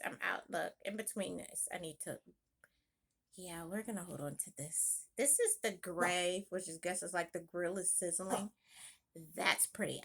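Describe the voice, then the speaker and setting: Bright gravelly-voiced woman chatting about makeup. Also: medium pitch. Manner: chatty, thinking aloud, quick exclamations. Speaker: beauty vlogger. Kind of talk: casual chatty makeup vlog. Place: home room.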